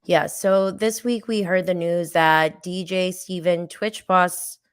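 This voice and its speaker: A woman podcast host in her thirties talks through a solo recap in an unhurried, rambling way. Her voice is smooth and clear, a little lower than most. The sound is dry and close. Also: steady tone, dry recording. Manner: chatty, rambling with fillers and self-aware laughs. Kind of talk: casual solo recap chat.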